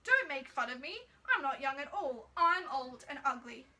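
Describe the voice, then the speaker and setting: A woman's voice: high-pitched, animated, normal speed, pushed and bright, full character voice. A woman voicing a shy young man in a fairy tale who doubts himself, speaking in a modest, unsure way.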